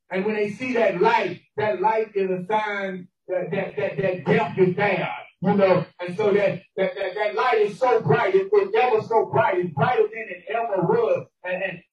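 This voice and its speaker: A man giving an emotional sermon testimony, stumbling over repeated words and breaking into shouted emphasis. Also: high voice, steady tone, normal speed, muffled recording. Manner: repeats words, stammering restarts, bursts of shouting. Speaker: preacher. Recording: echoey room from a distance.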